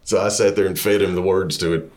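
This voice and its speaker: A man with a very low, deep voice swaps stories from life on the road. He talks in an easygoing, laid-back way, as a rock singer and guitarist chatting with an old bandmate. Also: fairly even intonation, quick pace, a little mellow, a little hiss or hum. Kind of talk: casual chat.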